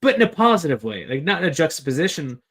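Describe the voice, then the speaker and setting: Tipsy podcast guy rambling about books, halting, lots of "like". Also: fairly high pitch, very animated, a bit bright. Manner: rambling, halting, many fillers. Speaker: podcast co-host. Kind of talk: casual book discussion.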